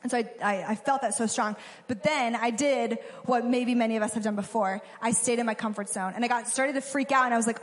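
A woman's voice: on the high side, fairly even intonation, fast talker. A young woman giving a casual, conversational sermon, acting out quotes as she goes. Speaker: preacher. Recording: long hall reverb.

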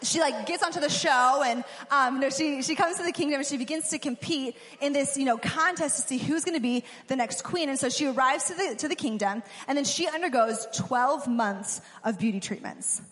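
Young woman preacher, high voice, casual and chatty, long hall reverb. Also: fairly bright tone. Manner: chatty, lots of "like", acts out characters in quick asides. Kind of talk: casual sermon.

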